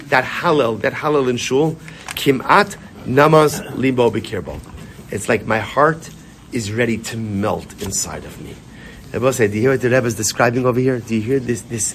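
A man leads an informal Torah class in a synagogue, talking with animated energy and hammering points by repetition. His voice sits at an ordinary middle pitch, and he mixes Hebrew and Yiddish terms into his English. A faint hiss of the room runs underneath. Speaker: rabbi.

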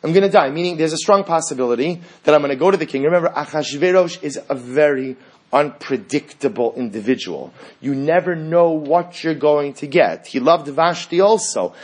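A man teaching a Torah class, quoting Hebrew sources and translating them in a lively lecturing way. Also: on the high side, moderate pace. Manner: animated, quotes Hebrew texts and translates them.

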